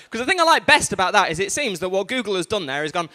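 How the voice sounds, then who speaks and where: A man's voice: high voice, very animated, fast talker, pauses often, pushed and bright. A man hosting an awards night live on a stage microphone, chatty and rambling with asides to the audience. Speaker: event host and compere. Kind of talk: live stand-up compering. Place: large museum event hall. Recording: reverberant hall on live stream.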